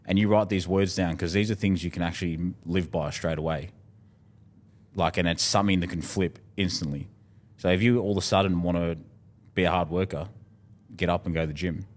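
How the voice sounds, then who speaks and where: Australian male guest, very low voice, frank heartfelt storyteller who swears often. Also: fairly even intonation, a little fast. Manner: candid, heartfelt, swears freely. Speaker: podcast guest. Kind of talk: casual conversation.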